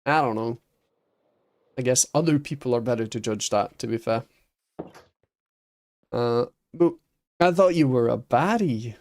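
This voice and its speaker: A man's voice: mid-range voice, unhurried, long pauses, darkish tone. Norwegian male streamer, native Norwegian speaker, laid-back chat with frequent chuckles. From Norway. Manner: easygoing, chuckles often. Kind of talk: casual livestream chat with viewers.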